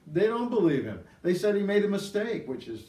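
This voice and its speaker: A middle-aged man teaching from the Bible, telling stories in an animated way and rising to excited emphasis. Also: high-pitched, fairly quick. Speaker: preacher. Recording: roomy, distant mic.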